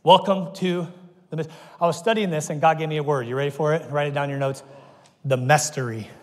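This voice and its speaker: A man's voice: a little high, fast talker. A man preaching a sermon as pastor, telling stories with energy and acting out the people he quotes. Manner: animated storytelling, acts out quoted voices. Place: church auditorium. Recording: long reverb of a church hall.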